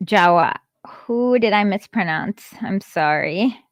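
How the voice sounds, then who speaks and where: A woman's voice: medium pitch, expressive, slow pace, no echo. A woman doing an impromptu livestream commentary, talking hesitantly with lots of fillers and frequent giggles. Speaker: streamer. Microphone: phone streaming app.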